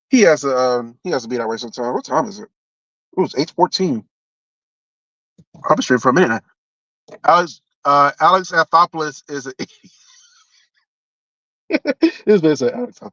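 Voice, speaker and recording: A young man rants casually about sports on a live stream, blunt and profane, frequently restarting his sentences. His slightly high voice sounds pushed and bright, with no echo, over dull lo-fi stream audio.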